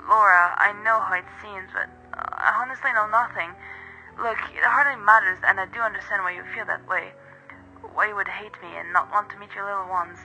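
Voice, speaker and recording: A man's voice: sits high, fairly even intonation, fairly quick, sharp tone, soft background music, heavily acted, low-quality recording. A man voicing a remorseful middle-aged mother who pleads tearfully down the phone, in a told horror story. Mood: pleading. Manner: pleading, distraught. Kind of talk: storytelling narration.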